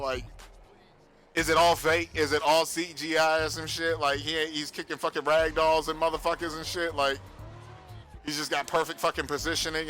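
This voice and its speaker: A man chatting casually on a livestream, telling a profane, animated story with frequent laughs. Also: on the high side. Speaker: streamer. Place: home streaming setup.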